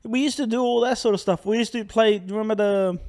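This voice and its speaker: A man's voice: high-pitched, fairly even intonation, quick pace, darkish tone. A young man co-hosting a podcast, telling rambling stories in a casual chat and laughing as he goes. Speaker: podcast co-host.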